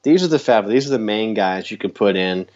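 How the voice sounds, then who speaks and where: Low-voiced man ranting, dull recording. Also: fairly quick. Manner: animated ranting, laughs often. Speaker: podcast co-host. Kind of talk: casual chat. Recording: dull lo-fi sound.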